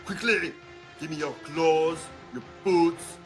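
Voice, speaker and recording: A man doing an impression of a movie cyborg with an imitated Austrian-style accent, announcing draft picks in a clipped, commanding deadpan. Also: fairly high pitch, slow, faint music behind, voice pushed up. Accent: imitated Austrian-style movie-star accent. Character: gruff cyborg man sent back in time.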